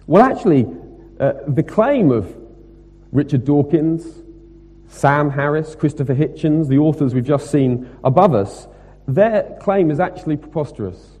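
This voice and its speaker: A man preaching a sermon, emphatic and rhetorical, moving between loud stressed points and quieter asides. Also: a little high, animated, a little slow, husky. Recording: long reverb of a hall.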